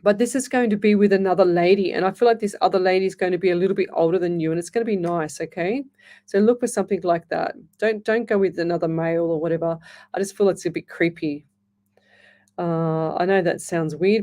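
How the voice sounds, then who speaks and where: Chatty woman, mellow voice. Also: fairly low pitch, steady tone, brisk. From Australia. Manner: chatty, reassuring, calls listeners lovey; reads listener comments aloud. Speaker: psychic medium radio host. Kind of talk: live call-in readings.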